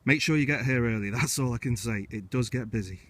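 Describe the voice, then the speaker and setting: Man, friendly outdoor walk guide, chatty route directions, relaxed vlog commentary. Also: medium pitch, fairly quick. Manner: chatty, friendly, starts steps with "right". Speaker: hiking vlogger and walk guide. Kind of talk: casual walking commentary. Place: outdoors on windy hills.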